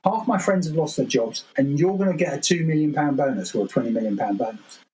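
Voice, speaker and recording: A man's voice: on the high side, fast, darkish tone, recorded from a distance, a little hiss or hum, pitched above the performer's own voice, close to an everyday voice, rough recording. A man mimicking a sceptical bearded engineer. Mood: incredulous. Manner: pointed, incredulous questioning. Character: bearded male engineer questioning his boss.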